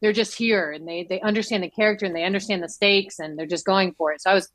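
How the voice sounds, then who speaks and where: Actress guest, woman, lively storyteller, dry close mic. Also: fast talker, no echo. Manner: animated, acts out quotes with big pitch jumps. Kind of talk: casual interview chat.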